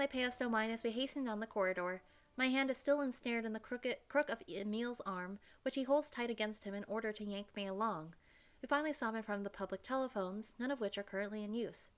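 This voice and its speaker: A woman voicing a brash, defensive young American woman, narrating a visual novel in first person with brisk retorts. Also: fairly high pitch, natural voice.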